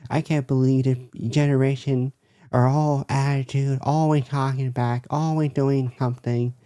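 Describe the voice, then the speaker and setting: A man's voice: deep voice, steady tone, fairly quick, warm tone, dry recording, studio quality, close to an everyday voice. A man voicing a rude, furious older female shopper in a screeching, indignant tirade.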